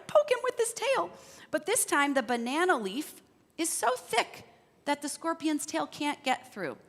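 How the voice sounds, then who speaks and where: A woman's voice: on the high side, a bit bright. A woman telling a children's story during a church service, asking the children questions as she goes, heard with the long reverb of the sanctuary.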